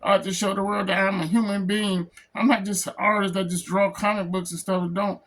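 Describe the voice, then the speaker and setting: A man who is a comic book artist, talking in an emotional personal vlog, close to tears, halting and repeating himself. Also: high voice, little pitch movement, fairly bright tone. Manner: halting, repeats phrases, says "man" a lot. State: tearful, close to crying.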